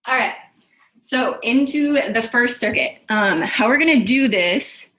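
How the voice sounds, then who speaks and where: A woman leads a live fitness class over a video call, cueing each move as she demonstrates it. Her voice sits a touch high and rings around a bare, echoey room. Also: animated, unhurried, bright, forceful tone. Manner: instructive, cueing exercises while demonstrating. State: out of breath. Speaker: fitness instructor. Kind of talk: live online workout class.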